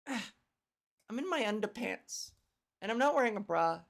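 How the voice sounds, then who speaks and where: A stand-up comedian hosts her own solo comedy podcast from home, talking casually into a microphone. Her medium-pitched voice is gravelly, unhurried, and lively in intonation as she rambles, swears freely, and pokes fun at herself.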